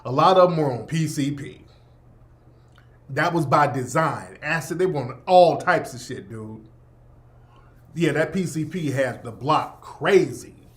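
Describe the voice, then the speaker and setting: Blunt, profane radio host. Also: male voice, a little high, expressive, a little slow, long pauses. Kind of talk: opinionated monologue. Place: Los Angeles.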